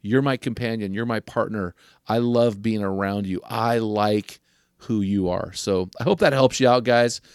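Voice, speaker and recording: An older man hosting a podcast, giving earnest advice to men and slowing down to stress key questions. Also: lowish voice, steady tone, clear, resonant tone, dry recording, clean studio sound. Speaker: podcast host.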